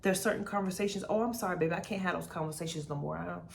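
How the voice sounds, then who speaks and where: A woman's voice: fairly low pitch, rapid-fire, vocal fry. A young woman speaking casually and emphatically in a testimony vlog, repeating herself for effect and calling the listener "baby". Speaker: faith vlogger sharing her testimony.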